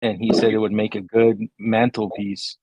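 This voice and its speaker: Low-voiced man rambling at the game table. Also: level tone, moderate pace, darkish tone, dry recording. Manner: rambling, full of "like". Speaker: player. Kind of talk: casual tabletop game play.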